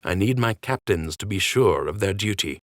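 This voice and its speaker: A man voicing a solemn male rabbit king who speaks gravely and earnestly. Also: sits low, lively intonation, moderate pace, no room sound, studio quality.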